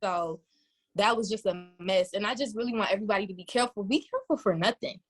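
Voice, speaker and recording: A woman from Detroit, a podcast co-host, telling a story in casual chat and swooping up high when she quotes herself. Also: fast talker, crowd noise.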